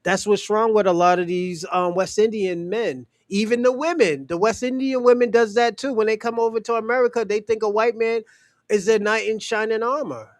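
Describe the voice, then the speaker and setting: A man's voice: high voice, steady tone, normal speed, dry recording, studio quality. A man hosting a podcast who gives blunt, profane opinions in casual talk and speaks straight to his co-hosts. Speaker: podcast host.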